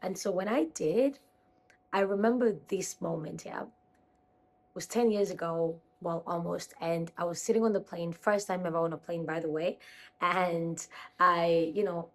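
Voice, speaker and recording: A young woman from Kenya talks casually into a phone camera at home, rambling and correcting herself as she goes. Her voice sits a little low. She addresses her viewers directly in a loose, chatty way. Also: fairly even intonation, measured pace. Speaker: vlogger.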